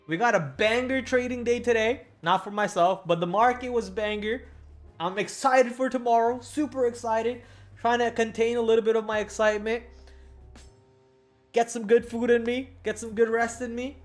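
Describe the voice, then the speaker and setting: A man hosting a livestream, chatting casually with viewers in a hyped, playful way. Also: high-pitched. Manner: hyped, playful, talking to chat. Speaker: livestream host.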